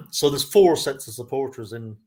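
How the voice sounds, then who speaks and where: A man living in Ireland, telling a long story in a relaxed, chatty way as a guest. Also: mid-range voice, unhurried. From lives in Kerry, Ireland. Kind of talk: casual chat.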